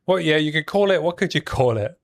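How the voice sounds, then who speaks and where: A man's voice: a little high, animated, a little fast. A man chatting casually while streaming a video game, joking around and trailing off with fillers. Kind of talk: casual gameplay chat.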